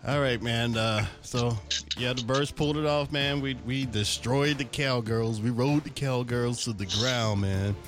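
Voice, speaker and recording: A man's voice: mid-range voice, a little slow, a bit bright, faint music behind. A man hosting a casual sports chat show, laid-back and joking. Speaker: podcast host.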